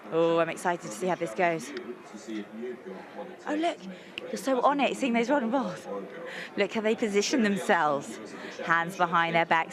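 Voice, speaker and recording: A woman presenter interviewing people outdoors at a tennis venue and hosting a game, bubbly, cheering and encouraging. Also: a little high.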